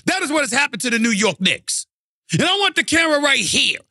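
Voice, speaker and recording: A man's voice: very animated, brisk, dry recording, studio quality. Fired-up man ranting about sports. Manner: heated, swings from low grumbling to high shouting. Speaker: sports commentary host. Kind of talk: animated sports rant.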